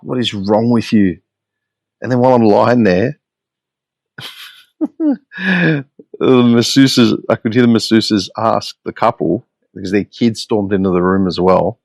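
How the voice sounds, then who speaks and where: An Australian man with a fairly low voice hosts a solo podcast, recorded with no echo. He tells stories in a blunt, profane, exasperated way.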